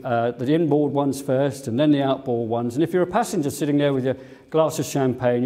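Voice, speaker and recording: A man's voice: mid-range voice, dark tone. An older English man, a former airline captain, giving a museum talk full of fond anecdotes and fillers. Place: museum lecture room.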